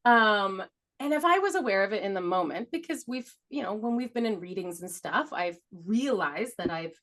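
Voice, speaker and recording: A woman's voice: mid-range voice, expressive, moderate pace, a bit bright. A middle-aged woman co-hosting a podcast, telling a story in a rambling way, laughing often and swearing casually. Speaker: podcast co-host. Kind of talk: casual chat.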